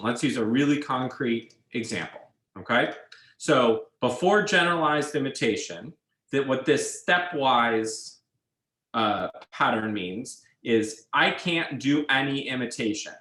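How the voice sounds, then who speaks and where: A male instructor lectures at a slow, deliberate pace, laying out each idea in careful steps. He checks in with his students as he goes. His voice carries a roomy echo from the classroom. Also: mid-range voice, expressive, pushed and bright. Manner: measured, explains step by step, checks in with students. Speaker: university instructor.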